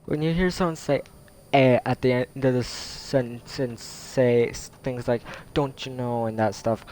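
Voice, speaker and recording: A man's voice: mid-range voice, normal speed, mellow, a little hiss or hum. A man chatting casually to viewers while playing a video game, rambling and correcting himself. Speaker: let's play streamer. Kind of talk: casual gameplay commentary. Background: game music.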